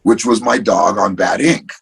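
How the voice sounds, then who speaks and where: A man, a guest in a casual interview, telling animated stories and swearing freely. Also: lowish voice, creaky, slightly rough, poor audio. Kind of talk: casual chat.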